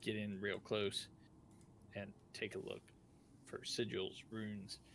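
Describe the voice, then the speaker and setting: Gravelly guy playing dnd, bright kinda tense tone, a bit of hiss behind him. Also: on the low side, slow. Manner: eager, gets loud and excited. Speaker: player. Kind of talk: tabletop game play.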